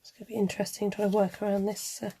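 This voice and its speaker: A woman's voice: medium pitch, little pitch movement, racing, gravelly, background noise. A middle-aged woman hosting a craft video, chatting casually and muttering to herself as she works, with the odd giggle. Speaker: craft vlogger. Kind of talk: casual chat while crafting.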